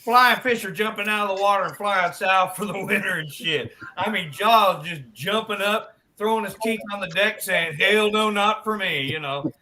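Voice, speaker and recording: A man hosting a live stream, telling long dirty jokes in an animated, profane way. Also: high-pitched, moderate pace, few pauses, a little hiss or hum. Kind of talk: casual joke-telling.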